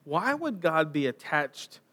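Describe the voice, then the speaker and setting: A man's voice: on the high side, sing-song, slow, bright, forceful tone. A man preaching a sermon, retelling a Bible story and posing rhetorical questions to his listeners.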